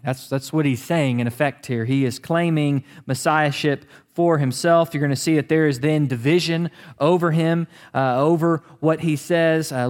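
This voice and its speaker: A man in the pulpit, a pastor, preaching an animated, conversational sermon with many restarts. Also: fairly high pitch.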